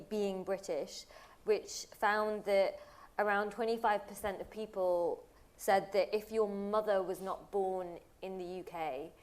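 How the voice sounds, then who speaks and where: A woman's voice: medium pitch, a little mellow. A woman on a panel at a live event, answering thoughtfully and searching for words.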